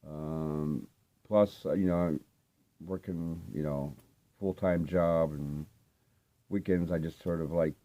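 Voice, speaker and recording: Older guy with a real low mellow voice, rambling on about his records, laid-back, lots of ums. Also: fairly even intonation, slow pace, pauses often, highs cut off. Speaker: vinyl collecting vlogger. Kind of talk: casual rambling show-and-tell.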